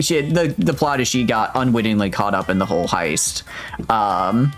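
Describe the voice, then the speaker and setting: A man's voice: mid-range voice, moderate pace, fairly bright tone, soft background music. A man casually commenting on a video game as he plays, rambling, interrupting himself and reading the game's dialogue aloud. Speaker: streamer. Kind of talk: casual let's-play commentary.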